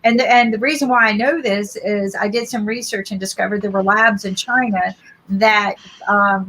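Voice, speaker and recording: A woman's voice: mid-range voice, a bit bright, rough recording. Earnest woman explaining on a panel. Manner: earnest, explanatory, repeats words. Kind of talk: casual panel discussion.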